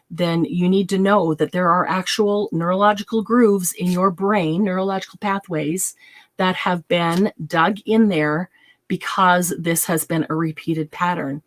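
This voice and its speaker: Woman, low-pitched, earnest, encouraging, heartfelt advice talk, craft channel host. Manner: earnest, encouraging, acts out self-talk in first person.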